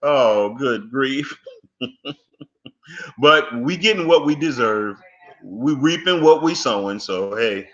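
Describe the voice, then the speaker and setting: A man's voice: mid-range voice, animated, takes it slowly, pauses often, fairly bright tone, lo-fi sound. A man giving fervent commentary, preachy and emphatic, scolding and pleading with his audience in folksy phrases. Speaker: commentator reacting to an interview clip.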